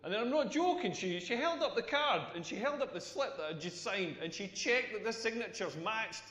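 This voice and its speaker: A man's voice: high-pitched, lively intonation, moderate pace, a bit bright. A Scottish man in his forties doing a rambling, self-mocking stand-up routine on a stage. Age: 40s. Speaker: stand-up comedian. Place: stage in a large hall. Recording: echoey hall from a distance.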